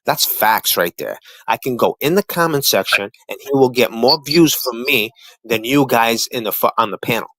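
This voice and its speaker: A man's voice: medium pitch, moderate pace, fairly bright tone, no room sound, low-quality recording. Profane man ranting on a livestream. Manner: confrontational, profane, repetitive trash talk. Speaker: livestream panel guest. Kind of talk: heated livestream rant.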